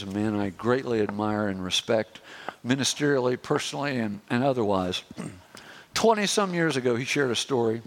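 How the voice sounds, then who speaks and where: A middle-aged male pastor preaching a sermon, stressing his points and slowing down for lists. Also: medium pitch, fairly bright tone.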